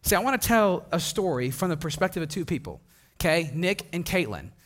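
A man's voice: fairly high pitch, fairly quick. A young man from Wisconsin preaching a casual sermon, telling stories with laughter and acting out the people in them. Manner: animated, laughing, acts out voices of people in his stories. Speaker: pastor. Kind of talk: sermon with storytelling.

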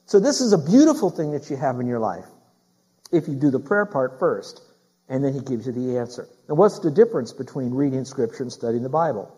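A man's voice: medium pitch, very animated, fairly quick, dark tone, slightly rough, poor audio. A middle-aged man preaching a sermon as a pastor. He speaks emphatically, repeats his key phrases and puts questions straight to the congregation.

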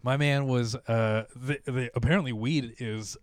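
A man's voice: mid-range voice, steady tone, measured pace, dry recording. A man hosting a podcast, telling a story in casual chat, rambling with lots of fillers and acting out the voices he quotes.

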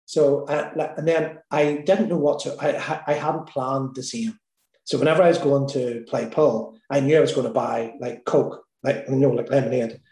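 A man's voice: mid-range voice, fairly even intonation, normal speed, darkish tone. Give me an Irish man telling a candid story in a roomy, echoey space. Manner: candid, laughing, sweary. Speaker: guest. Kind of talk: casual storytelling. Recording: roomy echo.

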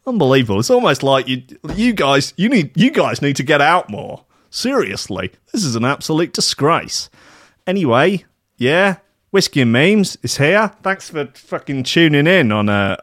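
A man's voice: on the high side, a bit bright, no echo, studio quality. A man hosting a casual drinking chat show, rambling and swearing with a self-mocking tone and frequent restarts.

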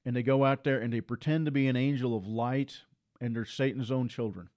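A man preaching a sermon with forceful repetition, his voice climbing higher and louder as he presses his points. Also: steady tone, brisk.

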